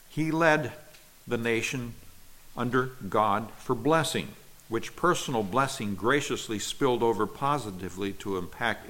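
Low-voiced man preaching a Bible study. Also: a bit bright, poor audio. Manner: reads scripture aloud, then explains it word by word. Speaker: pastor. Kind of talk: expository sermon.

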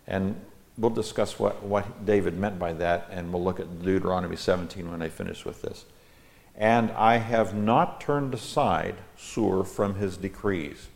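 Going verse by verse through a psalm, a male Bible teacher reads each line aloud, unpacks the Hebrew words and puts emphasis on the key lines. His voice is low-pitched and a little mellow.

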